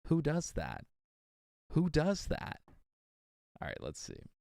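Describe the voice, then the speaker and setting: This man's voice sits on the high side, gravelly and a little mellow, with wildly swooping pitch. He's recording an audiobook on a livestream, reading slowly with retakes and chatting between takes with exasperated asides. The sound is dry and clean, studio grade.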